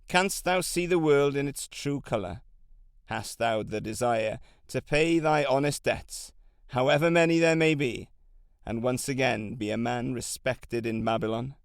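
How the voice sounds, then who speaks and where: A man in an audiobook reads as a hardened camel trader who once fled as a slave and now speaks with steady resolve. His delivery is measured and solemn, pitched in a middling register, and the sound is dry and close with no room around it. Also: no room sound, natural voice. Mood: resolute. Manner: measured, solemn, old-fashioned phrasing. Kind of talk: audiobook reading.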